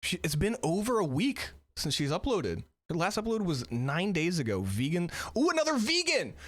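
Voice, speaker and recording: A man streaming, reacting to videos with animated, swearing commentary and frequent laughter. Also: on the high side, normal speed.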